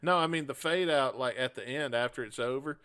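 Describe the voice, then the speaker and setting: A man's voice: medium pitch, a little fast, fairly bright tone, clear, resonant tone. A man co-hosting a music podcast, chatting casually, joking and swearing freely. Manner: laid-back, swearing, joking. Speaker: podcast co-host. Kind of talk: casual chat.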